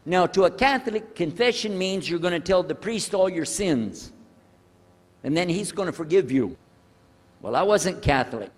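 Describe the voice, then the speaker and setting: An older man telling a personal story to an audience, animated and acting out the people in it. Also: high voice, normal speed. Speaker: speaker telling his conversion story. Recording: echoey hall.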